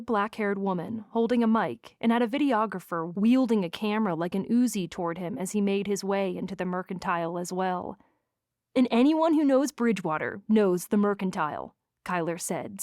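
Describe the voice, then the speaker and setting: A woman narrating a first-person romance audiobook in an expressive, wry manner. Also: mid-range voice, dry recording, studio quality.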